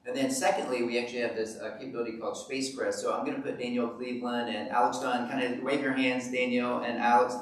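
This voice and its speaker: A man's voice: mid-range voice, flat delivery, quick pace, hardly any pauses. A man with a Southern US accent, speaking as an enthusiastic company executive on a panel in a large hall. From South Carolina. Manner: upbeat, enthusiastic. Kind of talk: panel discussion. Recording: echoey hall, mic far off, faint noise.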